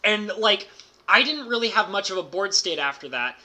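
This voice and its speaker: A man with a strikingly bright, forward voice tells a casual story as a streamer. He talks excitably and leans heavily on "like" fillers, laughing as he goes. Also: sits high, normal speed. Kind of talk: casual storytelling about a card game.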